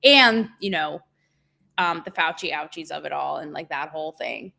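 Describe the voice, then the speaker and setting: A woman hosting her show, talking candidly in a profane, animated, rambling and self-mocking way. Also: low voice, moderate pace, creaky. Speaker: show host. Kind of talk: candid livestream monologue.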